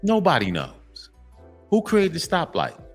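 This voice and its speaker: A man's voice: a little high, huge pitch swings, unhurried, soft background music. Emphatic man lecturing other men. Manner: profane, blunt. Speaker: commentary channel host. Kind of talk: monologue addressed to men.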